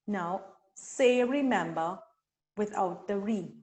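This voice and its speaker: A woman from Trinidad and Tobago leading a teacher-training webinar, speaking deliberately and sounding out syllables slowly. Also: mid-range voice, animated, a little mellow. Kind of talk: instructional webinar talk.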